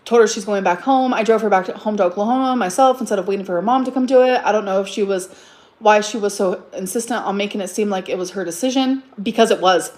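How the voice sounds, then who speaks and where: A woman's voice: medium pitch, a little mellow. A woman on a live stream, telling a story in an agitated, emotional rant, repeating herself and swearing.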